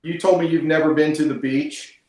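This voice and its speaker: A man's voice: on the high side, steady tone, moderate pace, a little mellow, roomy sound, low-quality recording. A man hosting a team call, talking in an emotional, earnest way and praising his guest. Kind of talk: heartfelt conversational interview. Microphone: call audio.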